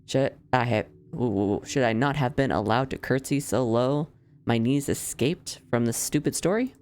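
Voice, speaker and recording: A woman's voice: rumbling low, moderate pace, darkish tone. A woman reading a sardonic young villainess. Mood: wry. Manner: dry, wry, formal phrasing.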